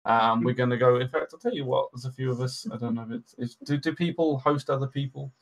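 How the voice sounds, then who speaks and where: A man with a rough, gravelly edge to his voice hosts a tabletop game stream. He speaks casually and loosely, stacking ums and restarts as he wraps up. His pitch sits at an ordinary middle height. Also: fast, low-quality recording. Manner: rambling, many ums and restarts. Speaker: dungeon master and stream host. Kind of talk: casual stream sign-off chat.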